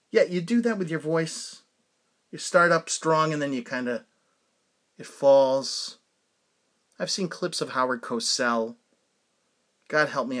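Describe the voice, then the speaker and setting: A man in his forties hosting his own podcast, telling rambling stories in a casual monologue with lots of fillers and laughs. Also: medium pitch. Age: 40s. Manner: rambling, animated storytelling with frequent fillers and laughs. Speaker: podcast host.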